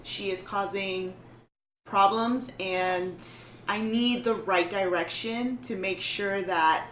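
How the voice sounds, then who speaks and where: Unhurried woman player, mid-pitched, earnest, roomy room. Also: a bit bright, distant mic, slight background noise. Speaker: player character, pack leader. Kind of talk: tabletop role-play chat.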